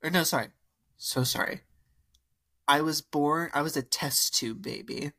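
A young man quoting a teen girl who earnestly claims to be part cat, in a rambling, halting way. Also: on the high side, gravelly, bright, forceful tone, no echo, exaggerated voice.

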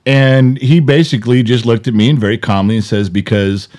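A middle-aged man chatting on a podcast in a voice of ordinary middle pitch. He is blunt and joking, with the odd curse. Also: brisk, a little mellow. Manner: blunt, joking, a bit profane. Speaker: podcast co-host. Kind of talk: casual chat.

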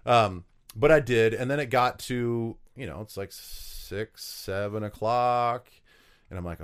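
Medium in pitch and clean in tone, this man talks a little slowly. The South Dakota native, once a professional football player, spins meandering interview anecdotes with lots of filler words and restarts.

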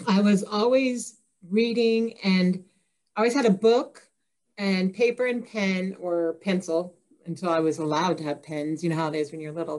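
A woman's voice: fairly low pitch, darkish tone. A woman from Indiana, an author guest in a casual interview, laughing and self-deprecating with many fillers. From Indiana, USA.

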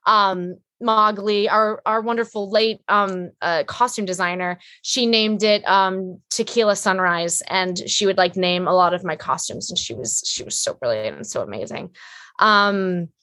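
A woman's voice: mid-range voice, unhurried, sharp tone, no room sound. A woman guest actress chatting casually on a podcast, rambling with many fillers and restarts.

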